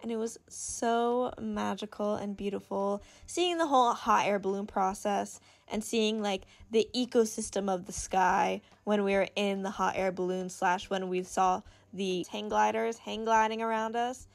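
Her medium-pitched voice is gravelly and steady, a little slow with hardly any pauses, and there's no room sound. This young crafting vlogger talks casually in a bubbly, gushing way, at times counting stitches under her breath.

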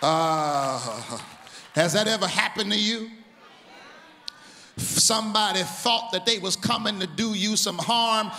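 Pastor man preaching loud, high bright gravelly voice, slow build, church hall echo with organ and folks. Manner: shouted preaching, rising into a sung cadence. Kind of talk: sermon. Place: large church.

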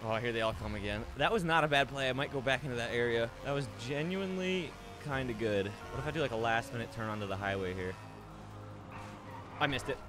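A young man giving casual gameplay commentary as a streamer. He talks to himself, gets excited fast and yells out in bursts. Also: medium pitch. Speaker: gaming streamer. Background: background music.

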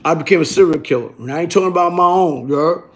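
A man's voice: a little high, fast talker, a little hiss or hum. A man from Brooklyn, talking in a rambling, profane street monologue full of repeated tag questions. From Brooklyn, New York. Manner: streetwise, profane, repeats "you heard?" tags. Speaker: vlogger.

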